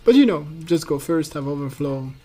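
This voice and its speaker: A man from France, French his first language, calls a live card game match in English. His voice sits fairly high for a man, and he rambles and restarts in a loose, chatty way. Faint music plays underneath. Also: lively intonation, moderate pace, mellow. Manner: chatty, laughs easily, many fillers and restarts. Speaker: esports caster. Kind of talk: casual live game commentary.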